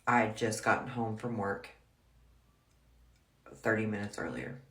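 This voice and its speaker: With a bass voice and a fairly bright tone, a woman speaks a little slowly as she tells a personal story. She's a storyteller vlogger, frank, blunt and casual, saying "like" constantly. The recording has a roomy echo.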